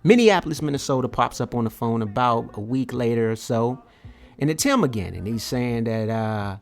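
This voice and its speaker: A man hosting a podcast, telling a story in a casual, animated way and repeating words as he gets going. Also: mid-range voice, fairly quick. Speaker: podcast host.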